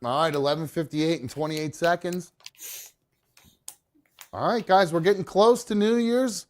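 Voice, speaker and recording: A man hosting a live show in casual chat, rambling and swearing freely, quick to laugh, often drifting away from his mic. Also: on the high side. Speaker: podcast host.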